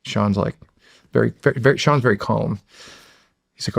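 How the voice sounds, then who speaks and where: A man's voice: on the low side, fairly quick, gravelly, long pauses, no echo, clean studio sound. An American man in his forties, a podcast guest telling a story in a casual way, acting out what people said and swearing freely. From United States. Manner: animated storyteller who acts out quotes and swears freely.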